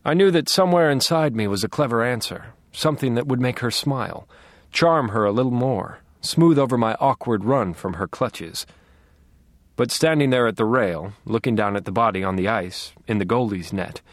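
A man narrating a first-person audiobook in a dry, wry, measured way. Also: mid-range voice, expressive, dry recording.

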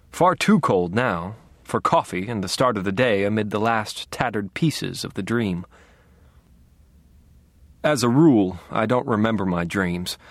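A man narrating a first-person audiobook in a dry, wry, deadpan manner, close to the mic in a studio. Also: on the low side, no echo.

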